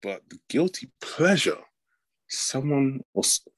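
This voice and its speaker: A man chatting as a guest on a football podcast, animated when telling stories and saying "mate" a lot. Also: medium pitch, slow, dry recording, rough recording. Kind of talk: casual chat.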